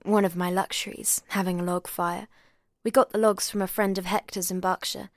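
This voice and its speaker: A woman's voice: mid-range voice, level tone, moderate pace, no echo, studio quality, lightly acted. A woman voicing a cool, evasive young woman.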